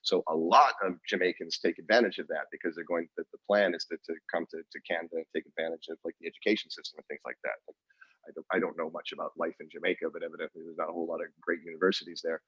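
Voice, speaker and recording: A man's voice: low-pitched, steady tone, rapid-fire, slightly rough, dry recording, muffled recording. A man co-hosting a podcast in casual chat, rambling and restarting his sentences and laughing often. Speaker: podcast co-host.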